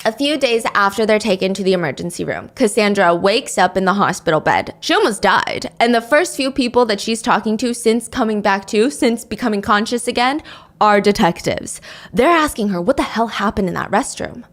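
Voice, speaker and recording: A woman with a medium-pitched voice narrates a true crime case. She dwells on grisly details and reads quotes out as she tells it. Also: animated, fairly quick.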